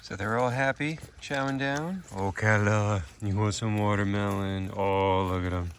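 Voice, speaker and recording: A man's voice: on the low side, unhurried, a little hiss or hum. A man keeping an animal sanctuary, chatting casually on his vlog and cooing affectionately at the animals outdoors. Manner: cooing baby talk to the animals, relaxed explaining. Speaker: animal sanctuary keeper and vlogger.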